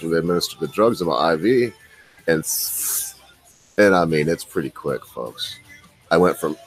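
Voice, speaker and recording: Casting: middle-aged man, deep voice, loose rambling vlog storyteller, soft music behind. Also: low-quality recording. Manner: rambling, self-deprecating, laughs often. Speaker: vlogger. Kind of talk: casual storytelling to viewers.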